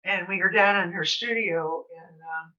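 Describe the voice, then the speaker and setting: An older woman speaks as a guest, her voice bright and crisp-edged. She talks in a chatty, rambling manner, with lots of fillers. The recording is a little distant and dull, as if she sits back from the mic. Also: on the low side, moderate pace. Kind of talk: casual storytelling. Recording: slightly distant, dull sound.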